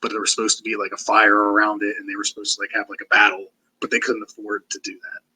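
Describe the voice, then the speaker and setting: A man talks quickly as a guest on a casual podcast. His voice is very bright and edged with husk. He stays laid-back and swears now and then. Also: lowish voice, monotone, husky, rough recording. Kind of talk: casual chat.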